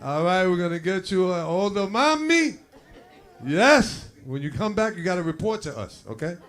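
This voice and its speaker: New guy hosting a comedy night, hyping the room, kinda high voice. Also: very animated, moderate pace, fairly bright tone. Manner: hype, crowd-working emcee. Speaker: comedy show host. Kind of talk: emceeing a comedy show. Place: comedy club with live audience.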